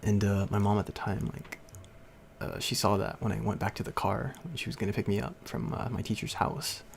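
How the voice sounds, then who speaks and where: A young man on a livestream casually tells his chat a story, rambling with lots of fillers and frequent laughs. His gravelly, fairly low voice stays fairly even in intonation and moves fairly quickly, over slight background noise.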